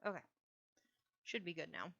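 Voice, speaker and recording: A woman's voice: lowish voice, sing-song, normal speed, creaky, sharp tone, dry recording, muffled recording. A woman chatting casually and easygoing while she draws on a stream, joking about herself. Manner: chatty, self-deprecating, easygoing. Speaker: artist streaming a drawing session. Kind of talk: casual chat while drawing.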